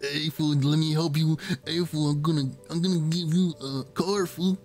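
A man's voice: a little high, level tone, normal speed, darkish tone, soft background music. A man streaming a crime roleplay game, talking in laid-back street slang and calling everyone fool. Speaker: streamer playing a gang member.

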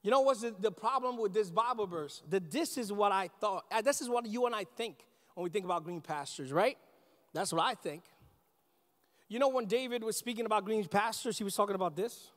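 High-voiced male pastor preaching. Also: fairly bright tone. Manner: emphatic, addresses congregation directly, slows for scripture reading. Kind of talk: sermon. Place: church sanctuary. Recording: long reverb of a large church hall.

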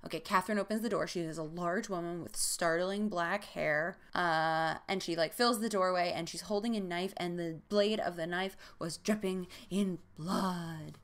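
A woman's voice: lowish voice, moderate pace, hardly any pauses. A young woman hosting a comedic book-recap show, retelling the story with sarcastic jokes and asides. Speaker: podcast host.

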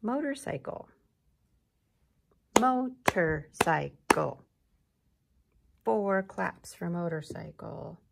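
A woman teacher giving a gentle, encouraging lesson to young children, clapping out syllables. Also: lowish voice, slow pace, vocal fry, slight background noise.

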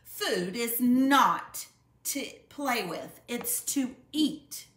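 A woman doing a fed-up storybook mother bear, scolding, slow and drawn out, roomy sound. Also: high voice, wildly swooping pitch, a bit bright, voice pushed up, exaggerated voice. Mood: exasperated. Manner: exasperated, scolding. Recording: roomy echo.

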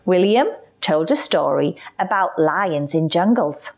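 Slow, expressive woman reading a storybook. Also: fairly low pitch. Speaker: children's librarian.

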